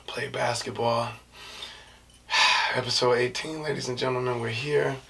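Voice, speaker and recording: A man hosting his own podcast, talking in a loose, slangy, rambling way with lots of fillers and a soft, low-key delivery. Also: fairly even intonation, a little slow, vocal fry. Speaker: podcast host. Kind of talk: casual solo podcast chat. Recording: distant mic with faint background noise.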